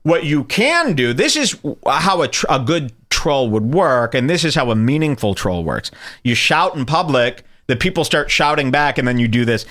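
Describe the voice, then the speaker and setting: Animated man ranting on a radio talk show. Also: moderate pace. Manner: animated, mocking impressions with sudden high-pitched bursts. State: has a headache. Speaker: podcast host. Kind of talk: casual commentary on a radio show.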